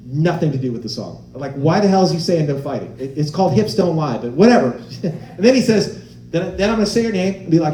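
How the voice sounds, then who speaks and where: A man performing stand-up with a lively voice that swings high and low. His tone is mellow and dark, and the sound is roomy like a live club stage. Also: fast, distant mic, slight background noise. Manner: animated storytelling, acting out voices of others. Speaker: stand-up comedian. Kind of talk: stand-up comedy set.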